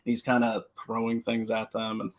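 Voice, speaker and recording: A man's voice: fairly low pitch, normal speed. A man working as a security consultant, telling stories and giving safety advice on a live stream, often restarting his sentences. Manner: animated storyteller, repeats words when starting. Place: home, talking to a computer.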